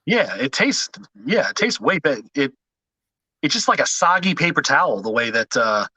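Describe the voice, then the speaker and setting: A man's voice: a little high, big pitch swings, normal speed, sharp tone, slightly rough, no echo, poor audio. A man hosting a podcast in casual chat, joking and self-deprecating in loose banter.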